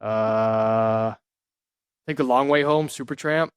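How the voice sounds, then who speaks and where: Laid back american dude rambling about baseball, dry close mic, middle pitch. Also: male voice, slow pace, clear, resonant tone, no echo. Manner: loose, rambling, lots of fillers. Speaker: co-host, former player. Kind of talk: casual sports chat.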